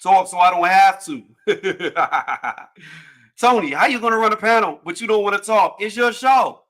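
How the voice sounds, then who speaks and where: Guy hosting a boxing stream, loud and jokey, swears a lot, higher bright voice. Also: measured pace. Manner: loud, joking, profane trash talk. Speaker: livestream panel host. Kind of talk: casual boxing talk while eating.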